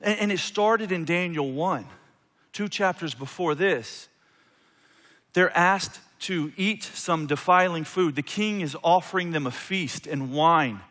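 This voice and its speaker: A man preaching a sermon, swinging between loud emphatic passages and quiet, intimate ones. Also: fairly high pitch, unhurried. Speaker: pastor. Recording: long hall reverb.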